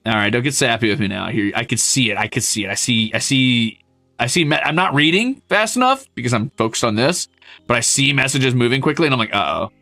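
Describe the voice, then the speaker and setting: A man streaming a zoo-building game, chatting casually with his viewers, animated and self-mocking, swearing freely. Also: mid-range voice, fast talker, gravelly, dry recording, faint music behind.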